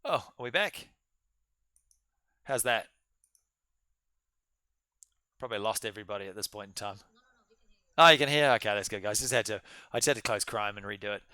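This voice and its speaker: A man's voice: on the low side, a little fast, long pauses, sharp tone, smooth, no room sound. A man giving an informal, live-streamed business law seminar, telling case stories in a chatty way and talking straight to his students. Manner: chatty storytelling, addresses students directly.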